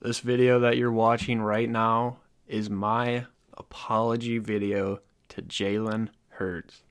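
A man's voice: fairly low pitch, level tone, slow pace, smooth, dry recording. A man talking casually to his viewers as a sports fan vlogger, candid and self-deprecating. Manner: conversational, addressing viewers directly. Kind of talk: casual talk to camera.

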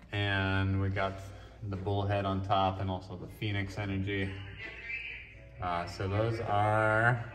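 Deep-voiced man touring his art show. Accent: mixed Australian and New Zealand. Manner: relaxed, musing, with fillers and restarts. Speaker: artist giving a gallery tour. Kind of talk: casual walk-and-talk. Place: historic house gallery, indoors. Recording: roomy and distant, faint music behind.

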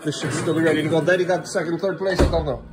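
A dad with a high-pitched voice talks to his kids around the house in a casual vlog. He scolds them firmly and repeats himself. Faint music plays behind him. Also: fairly even intonation, racing. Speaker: father. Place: family home, indoors.

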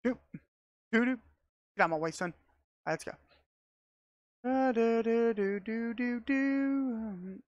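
A woman giving casual, excitable commentary as she plays a video game, talking to herself and laughing often, recorded on a close mic. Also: on the high side, slow, pauses often, no echo, highs cut off. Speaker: gamer.

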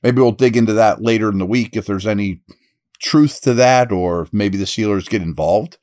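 A man's voice: lowish voice, normal speed, darkish tone. Man talking football roster picks casually. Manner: casual, conversational, thinking aloud with restarts; upbeat read of a sponsor ad. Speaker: podcast host and football scout. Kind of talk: solo sports analysis podcast.

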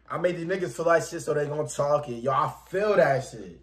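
Fairly quick and on the high side, a reaction channel host's voice carries a casual music reaction video where he laid-back says "man" and "bro" nonstop and raps along.

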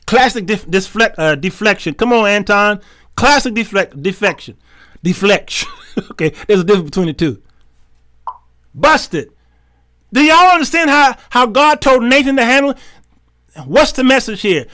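A talk show host tells stories like a preacher, his high voice bright and ringing with a clear, resonant tone at a moderate pace. He animatedly acts out each character's lines, laughs out loud, and shifts from quiet asides to booming punch lines.

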